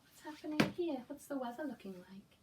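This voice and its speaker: A woman teacher reading a picture book to young children, asking gentle coaxing questions and dropping into whispers. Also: high-pitched, expressive, fairly quick. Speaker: preschool teacher. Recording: distant mic with faint background noise.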